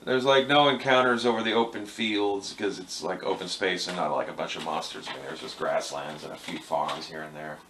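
A young man running a tabletop game with a lowish voice. He rambles through the scene in a relaxed way and fills it with "like" and "uh.". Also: a little fast, few pauses, slight background noise. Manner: relaxed, rambling, many fillers. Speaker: game master.

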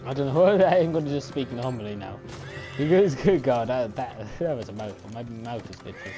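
A man's voice: mid-range voice, lively intonation, a little fast, dark tone, faint music behind. A man giving casual gameplay commentary, self-mocking about his own attempts at voices. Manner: self-mocking, chuckling at himself. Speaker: gaming YouTuber.

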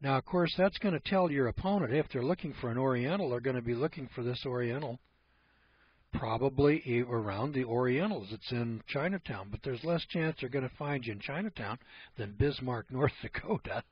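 A man talks through an informal lecture in a folksy, wandering way, throwing out rhetorical questions as he goes. His voice is husky, at a middling pitch, and comes through a dull, lo-fi recording. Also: a little fast. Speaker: speaker on privacy.

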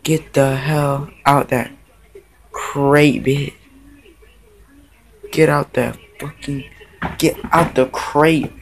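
A young man vlogging from a dark bedroom at night, swearing and exasperated as he hunts a bug in his clothes. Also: fairly high pitch, flat delivery, very slow, gravelly, pauses often, a little hiss or hum. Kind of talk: casual vlog commentary.

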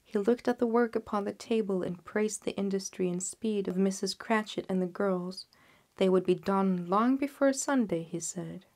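A woman narrating a classic story, softly and often near a whisper. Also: medium pitch, normal speed. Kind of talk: audiobook narration.

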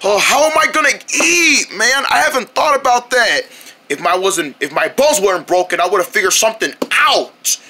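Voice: mid-range voice, normal speed. Voice actor as grumpy injured cartoon Foxtail. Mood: fretting. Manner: complaining, lively, exaggerated, yelling at times. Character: hurt, stubborn, grumpy cartoon character Foxtail. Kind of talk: homemade cartoon voice acting.

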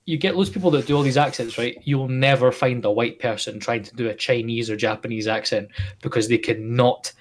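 A man's voice: mid-range voice, fairly even intonation, a little fast. A Scottish man co-hosting a podcast in casual chat, rambling with many fillers and restarts. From Scotland. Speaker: podcast co-host.

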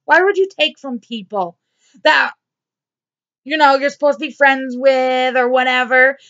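Woman, vlogger, blunt and repetitive, higher voice, slow delivery. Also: fairly bright tone, dull audio. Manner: blunt, swearing, repeats herself. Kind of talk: angry diary vlog rant.

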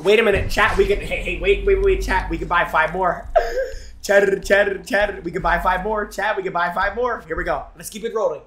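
Young man, streamer, excitable, loud, chants with chat, echoey room, faint noise. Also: high-pitched, normal speed. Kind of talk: casual live-stream chat while opening game packs.

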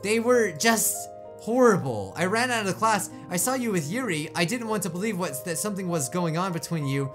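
A man reading the lines of a sad teenage girl who blames herself in a game story. He reads them quietly and flatly, with little acting. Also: sits high, a little fast, over music.

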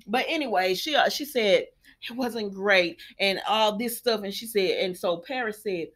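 A woman hosting a casual recap vlog, talking straight to her viewers in an animated, sassy way. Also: medium pitch, moderate pace. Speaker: soap opera recap host.

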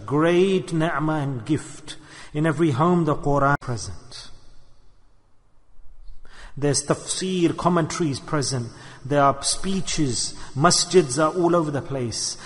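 A man from the UK giving an earnest religious sermon, repeating his points and acting out small parables. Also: a little high. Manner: earnest and repetitive, voicing people in little parables. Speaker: sheikh giving a religious talk. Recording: long hall reverb.

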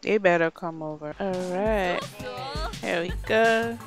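A woman hosting a casual let's play, talking to viewers and reacting loudly to what happens in the game. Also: on the low side, slow pace, music in the background. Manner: expressive, exclaims and laughs at the game. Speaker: gameplay host.

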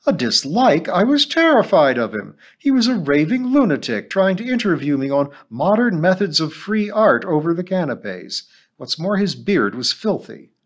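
Read as a man lightly doing a wry middle-aged schoolmistress: lift the pitch a little, keep it dry and exasperated, in a storybook. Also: sing-song, moderate pace.

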